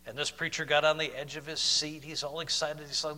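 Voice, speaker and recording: A man preaching a sermon in a fairly high, bright voice. He moves between loud, emphatic declarations and quiet, slowed-down questions to the congregation. His voice rings with the long reverb of a large hall. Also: level tone. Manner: swings from loud emphatic declarations to soft slow intimate questions.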